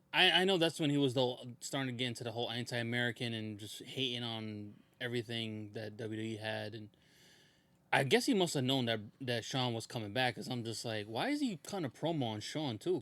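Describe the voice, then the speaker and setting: A man's voice: medium pitch, fairly bright tone. A man co-hosting a podcast, chatting casually and reacting with short agreements. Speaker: podcast co-host. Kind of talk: casual chat.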